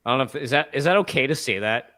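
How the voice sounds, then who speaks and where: Bright-voiced joking male co-host. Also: medium pitch, expressive, very fast. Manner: joking, teasing, laughs easily. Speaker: podcast co-host. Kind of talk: casual podcast chat.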